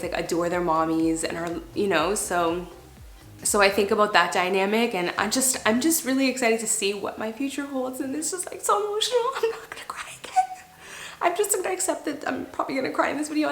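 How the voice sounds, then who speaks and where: A young woman talks straight to her viewers in a casual, gushing vlog, full of "like" fillers and emotion. Her pitch sits in the middle for a woman. The room around her is roomy and echoes. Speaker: vlogger. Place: home, sitting on the floor.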